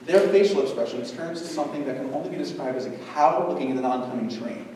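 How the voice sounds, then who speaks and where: A man's voice: on the high side, fast, few pauses. A young man telling a stand-up story and acting out voices, recorded from far off in a large school hall. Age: young adult. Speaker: stand-up comedian. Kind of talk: stand-up routine. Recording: echoey hall from far off, faint noise.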